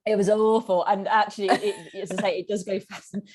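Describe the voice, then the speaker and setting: A woman's voice: mid-range voice, brisk. A woman guest on a podcast telling casual stories, laughing often as she talks. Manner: giggly, animated, often laughs mid-sentence. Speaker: podcast guest, tandem cyclist. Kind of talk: casual storytelling.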